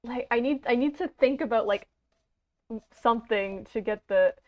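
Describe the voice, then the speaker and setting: A woman's voice: fairly high pitch, moderate pace. A Canadian woman streaming a game, chatting casually in a rambling, self-deprecating way with lots of fillers. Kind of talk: casual let's-play chat. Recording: dull lo-fi stream audio.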